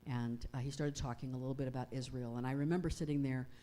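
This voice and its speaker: A woman pastor giving a conversational sermon, reading prayers slowly and reflectively. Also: rumbling low, steady tone, warm tone. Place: church sanctuary.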